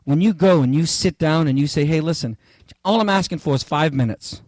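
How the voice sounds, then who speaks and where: A male pastor preaching a sermon in an emphatic, repeating way that climbs to near-shouts on key phrases. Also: a little high, a little fast, no echo. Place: church.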